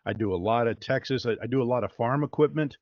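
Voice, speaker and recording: A voice-over artist talking casually in an interview, upbeat and rambling with plenty of fillers. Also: male voice, medium pitch, fast talker, dry recording, muffled recording.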